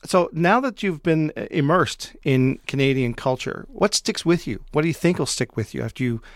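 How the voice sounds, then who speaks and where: Male interviewer with a slightly high voice. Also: animated, moderate pace, no echo, clean studio sound. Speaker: interviewer host. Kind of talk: interview questions.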